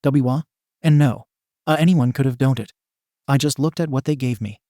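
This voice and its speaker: A man's voice: mid-range voice, moderate pace, warm tone, no echo, studio quality, natural voice. A man voicing a nervous, stammering schoolboy. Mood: flustered. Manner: stammering and shy. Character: nervous, self-doubting teenage boy student.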